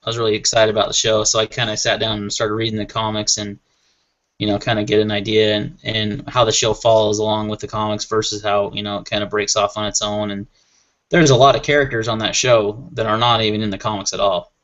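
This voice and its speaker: A man's voice: on the low side, little pitch movement, quick pace, fairly bright tone. A man on a panel chat show, talking casually and with enthusiasm, rambling a little and laughing often. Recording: muffled lo-fi audio.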